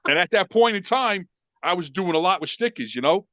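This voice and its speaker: New guy spinning a yarn, acts out every quote, fairly high voice. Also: fairly quick, no echo. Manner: animated storyteller acting out quotes, frequent swearing. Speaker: podcast guest. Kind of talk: casual storytelling.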